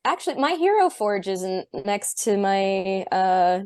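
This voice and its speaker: A woman tabletop game player chatting casually about her character, excitable and rambling with fillers. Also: mid-range voice, takes it slowly, smooth.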